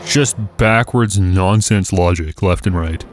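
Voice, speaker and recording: A lowish-voiced man commenting as he plays a quiz game. He is sarcastic and exasperated, cracking jokes at every question. Faint music plays under his voice. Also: takes it slowly. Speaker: gaming YouTuber. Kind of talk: casual gameplay commentary.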